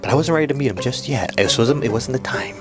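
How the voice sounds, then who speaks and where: A man telling funny personal stories in an animated storytelling video, jokey and full of voice switches. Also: medium pitch, fast talker. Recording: voice-over with music bed.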